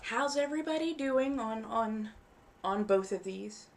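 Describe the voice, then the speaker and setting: A woman's voice: on the high side, lively intonation, measured pace, slight background noise. A woman hosting a live stream in casual chat, rambling easily and enunciating carefully around costume fangs. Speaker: livestream host.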